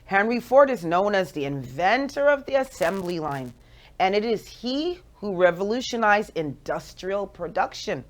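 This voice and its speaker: A woman in her forties with a Jamaican accent, hosting a radio show with playful, animated motivational talk. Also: mid-range voice, normal speed. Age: 40s.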